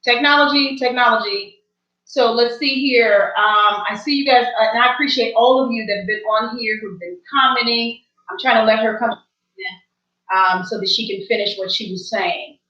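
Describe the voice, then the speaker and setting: A woman's voice: on the high side, moderate pace, bright, forceful tone. A woman hosting an online talk show, emphatic and devout, exclaiming often. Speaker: host. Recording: roomy, distant, lo-fi call audio.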